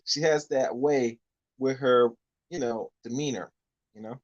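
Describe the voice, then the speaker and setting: A man who is a guest on a casual podcast, talking in a loose, drawn-out, meandering way. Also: mid-range voice, dry recording, highs cut off.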